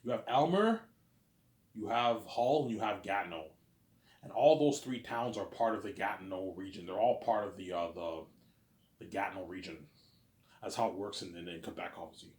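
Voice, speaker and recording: A man's voice: sits low, normal speed, darkish tone, reverberant. A man from Canada talking in a rambling, repetitive casual monologue, swearing offhandedly and often asking "you know what I'm saying". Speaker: vlogger.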